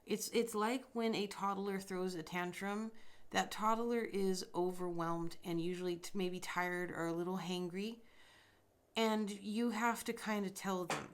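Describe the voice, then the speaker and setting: A woman's voice: medium pitch, fairly even intonation, measured pace. A woman hosting a podcast, talking bluntly and emphatically in a casual spiritual monologue, with frequent swearing. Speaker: podcast host.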